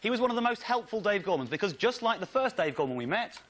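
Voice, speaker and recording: A comedian on stage, telling an excitable, indignant comic story with slides. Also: male voice, high voice, fast talker. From Britain. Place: theatre stage.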